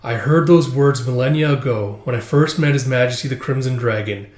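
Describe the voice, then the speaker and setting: Male reader doing a weary undying young man; resigned, quiet, slow delivery, echoey room. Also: mid-range voice, close to an everyday voice. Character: weary immortal young man seeking death. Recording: roomy echo.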